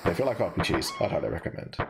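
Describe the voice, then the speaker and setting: Chatty streamer with lively pitch. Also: male voice, very fast, vocal fry, very noisy. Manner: chatty, laid-back, self-mocking. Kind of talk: casual game commentary. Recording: loud game music behind.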